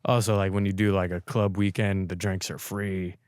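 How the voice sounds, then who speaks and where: A young man with a smooth, resonant, slightly low voice, recorded close and dry in a podcast studio. He tells stories animatedly, jumping into quoted voices, in relaxed casual chat. The sound is direct with no room echo. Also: normal speed. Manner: animated storyteller, acts out quotes. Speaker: podcast host.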